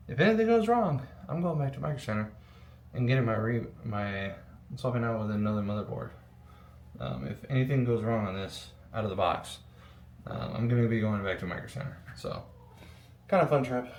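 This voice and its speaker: Talking casually while putting together a PC, this young adult vlogger fills his rambling with ums and an occasional curse. He has a medium-pitched, slightly mellow voice, and there's a little hiss or hum in an echoey room with faint ambience.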